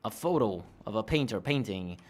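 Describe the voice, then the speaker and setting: A man's voice: fairly low pitch, animated, normal speed. A man giving casual, profane gameplay commentary with drawling, mumbled asides. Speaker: gaming youtuber.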